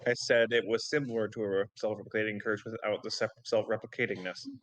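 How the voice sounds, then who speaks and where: A man's voice: on the low side, steady tone, fast talker, a bit bright, low-quality recording. A man playing a tabletop role-playing game who banters in character, blunt and sardonic, lecturing the others. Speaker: player.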